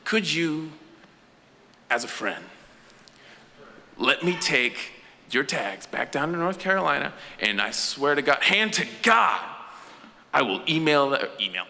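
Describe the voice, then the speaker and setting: A man doing a wheedling smooth-talking dealer. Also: big pitch swings, measured pace, pauses often, bright, forceful tone, heavily acted. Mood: persuading. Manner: low wheedling bargaining, bursting into brash hollers. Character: smooth-talking male drug dealer buying a car. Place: storytelling event on stage. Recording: echoey hall with faint noise.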